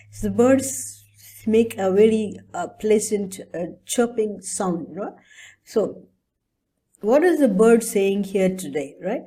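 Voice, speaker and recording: Woman, children's teacher; soft, warm tone, patient, keeps checking her pupils follow. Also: medium pitch. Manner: patient and explanatory, often checks in with "okay?" and "right?". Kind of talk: online English lesson for young children.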